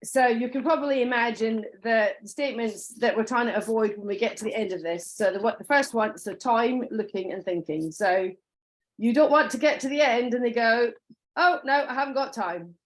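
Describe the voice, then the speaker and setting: A woman's voice: on the high side, moderate pace. Chatty woman teaching sales. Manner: chatty, acts out customer lines, many restarts and ums. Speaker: sales trainer. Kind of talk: informal training talk.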